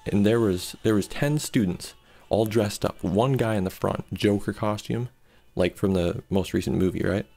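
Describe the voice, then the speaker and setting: A man in his twenties telling a story in a casual, excitable way, acting out the dialogue as he goes. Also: fairly low pitch, moderate pace, vocal fry. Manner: excitable, quoting with "I'm like".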